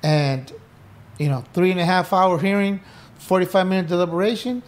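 A middle-aged man speaks as a podcast guest with a somewhat high voice. He tells his story in loose, animated talk, acting out past conversations and swearing casually along the way. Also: normal speed. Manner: animated, acts out quoted dialogue, swears casually. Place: indoor podcast room.

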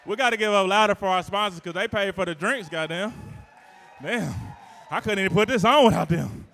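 Loud teasing emcee man. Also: high-pitched, fairly quick, gravelly. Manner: loud, teasing, playful crowd-work with sudden shouts. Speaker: event host and emcee. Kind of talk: live hype emcee to a crowd. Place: live event venue indoors. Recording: long reverb of a big event hall.

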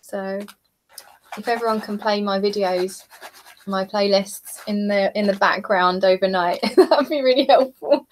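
A woman's voice: mid-range voice, a little slow. A young British woman from southeast England chatting casually with viewers on a livestream, reading comments and laughing often. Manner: chatty, giggly, reads out comments. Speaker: livestream host. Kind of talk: casual chat while painting.

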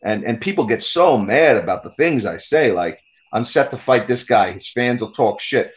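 A man's voice: medium pitch, animated, moderate pace, low-quality recording. Profane, boastful man. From United States. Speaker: guest fighter. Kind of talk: podcast interview.

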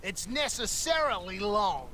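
A man's voice: sits high, sing-song, unhurried, crowd noise. An actor playing a brash, wisecracking male antihero in a video game, with a sarcastic, theatrical delivery. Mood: mocking.

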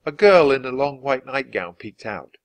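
A man reading a children's chapter book aloud for learners. His voice sits in the middle range and rises and falls with lively expression. He reads clearly and evenly. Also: medium pitch, moderate pace, dry recording. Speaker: storybook reader.

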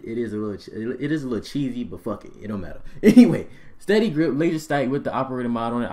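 A young man giving excited gameplay commentary as a gaming video host, loud and jumpy, repeating himself in bursts. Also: on the low side. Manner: hyped, loud outbursts, repeats phrases, laughing. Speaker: gaming YouTuber. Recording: faint music and gunfire behind.

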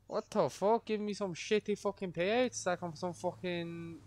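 A man's voice: high-pitched, normal speed, hardly any pauses, a little mellow, no echo. Foul-mouthed ranting young man. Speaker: gaming streamer. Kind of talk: casual gameplay commentary.

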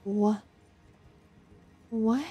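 A woman streaming a game, chatting to her viewers in a flustered, self-mocking way, with loud panicked outbursts and casual swearing. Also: a little high, fairly even intonation, drawn-out words, breathy edge. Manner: swears casually, talks to chat. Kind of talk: casual gameplay commentary. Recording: faint game music behind.

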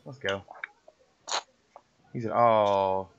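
A man's voice: on the low side, fairly even intonation, drawn-out words, clean tone. A man chatting while gaming with friends, teasing them in slang and slipping into silly voices. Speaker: gamer streaming with friends. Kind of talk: casual chat over gameplay. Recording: muffled lo-fi audio with faint music.

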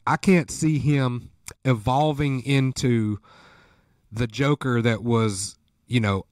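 Animated man hosting a casual interview. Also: no echo, studio quality. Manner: animated storyteller, jumps high when excited. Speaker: host.

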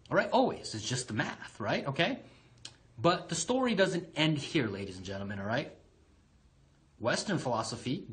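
Animated man telling a motivational fable. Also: mid-range voice. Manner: animated, with repeated "right?" asides. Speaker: motivational speaker. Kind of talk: motivational storytelling.

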